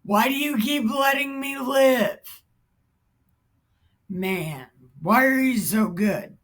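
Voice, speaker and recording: A woman voicing an exasperated older king, paraphrasing him in shouted, incredulous modern slang. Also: a little high, slow pace, pitched above the performer's own voice.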